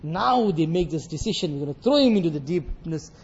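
A man giving a sermon on a Quran passage, reciting verses and explaining them with lively acted dialogue. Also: fairly high pitch, brisk, slightly rough, lo-fi sound. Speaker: Islamic scholar teaching Quran commentary.

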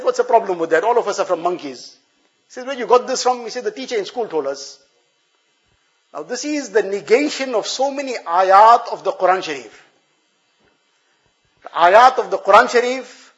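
Man preaching, fairly high voice, earnest, keeps repeating phrases to hammer points, muffled lo-fi sound. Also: a bit bright. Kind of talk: sermon.

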